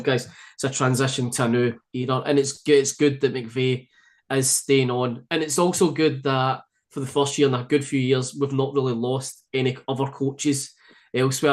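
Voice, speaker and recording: A man from Scotland with a Glasgow-area accent, chatting easily as a podcast guest with many fillers and restarts. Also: medium pitch. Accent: Scottish, Glasgow area. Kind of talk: casual chat.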